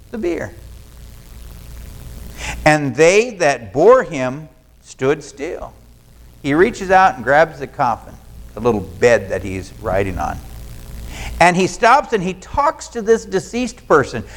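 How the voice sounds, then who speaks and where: A man's voice: high voice, very animated, slow, pauses often, low-quality recording. A male pastor, preaching a sermon in a folksy storytelling way and acting out what people in the story say. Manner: folksy storytelling, acts out quoted lines.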